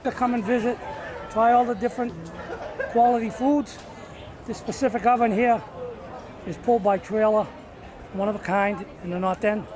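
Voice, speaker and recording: Male street pizza vendor, higher voice, short friendly sales talk, festival crowd behind. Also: fairly even intonation, moderate pace, pauses often. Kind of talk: casual street pitch.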